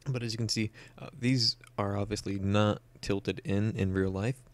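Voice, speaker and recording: A young man walks through photo editing software in a relaxed tutorial. His voice sits fairly low and has a gravelly fry. He explains each step plainly and fills his pauses with "uh" and "um". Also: no room sound. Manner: casual, many "uh" and "um", explains step by step. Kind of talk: screen-recorded software tutorial.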